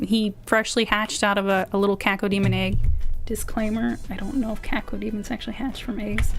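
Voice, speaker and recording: A VTuber streamer with a high-ish, slightly bright voice plays a video game while chatting casually and playfully with her viewers, swearing now and then.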